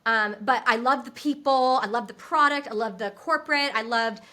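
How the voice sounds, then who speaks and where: Podcast guest: woman, social media coach, bright tone, chatty and unfiltered, trips over her words. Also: a little high, moderate pace. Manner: candid and animated, with frequent restarts and laughs. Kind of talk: unscripted interview talk.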